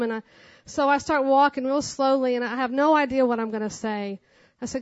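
A woman's voice: high voice, fairly even intonation, normal speed, hardly any pauses, no room sound, dull audio. Rambling woman telling a testimony. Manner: rambling, breathless retelling with many fillers. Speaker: guest giving a testimony. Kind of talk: personal testimony storytelling. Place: conference breakout session.

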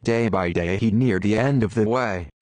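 A man with a fairly low voice narrates an audiobook in a measured, solemn way. The sound is dry and close. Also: a little mellow, no echo. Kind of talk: scripted narration.

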